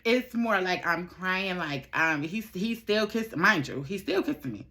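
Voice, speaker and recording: A young woman speaking, telling her followers a story in a casual, candid chat. She swears freely, repeats herself for effect, and talks in a slightly low register. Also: expressive, moderate pace, sharp tone. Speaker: vlogger. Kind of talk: casual storytime while doing makeup.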